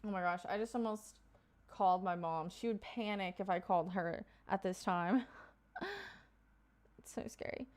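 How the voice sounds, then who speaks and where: A woman's voice: lowish voice, normal speed, pauses often. A woman from Kentucky streaming live, chatting casually with her viewers and reading out their comments with loose asides and fillers.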